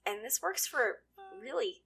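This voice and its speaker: A woman with a mid-pitched, bright voice, co-hosting a podcast. She talks briskly and playfully in a casual chat. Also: lively intonation, gravelly, breathy edge. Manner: lays out rules briskly, playful.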